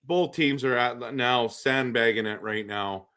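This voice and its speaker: A man's voice: mid-range voice, unhurried, pushed and bright. Rambling man hosting a live stream. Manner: rambling, repeats himself, reads chat aloud. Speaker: livestream host. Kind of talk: casual live-stream chat and game reaction.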